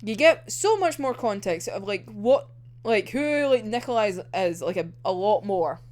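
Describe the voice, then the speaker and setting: A woman's voice: medium pitch, animated, moderate pace, darkish tone. A young woman discussing an anime episode in a casual, giggly, rambling way, swearing freely. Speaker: anime reviewer.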